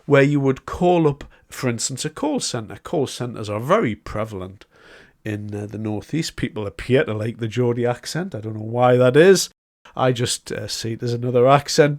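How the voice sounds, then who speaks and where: A man giving a solo political commentary, talking in a conversational, emphatic way as he builds his argument point by point. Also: mid-range voice.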